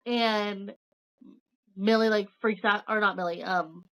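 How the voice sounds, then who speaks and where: A woman's voice: medium pitch, slow pace, low-quality recording. A young woman co-hosting a podcast, retelling a book's plot in casual chat, acting out characters' lines with lots of "like". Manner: animated storytelling, acts out characters' lines, filler-heavy. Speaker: podcast co-host. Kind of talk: casual book discussion chat.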